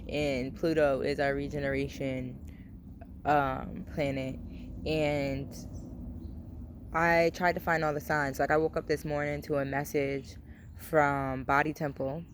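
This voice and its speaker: A woman's voice: low voice, slow pace, long pauses, background noise. A young adult woman talking casually to her camera, rambling with many fillers, cursing freely and speaking openly. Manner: open and confiding. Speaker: vlogger. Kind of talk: casual personal vlog talk.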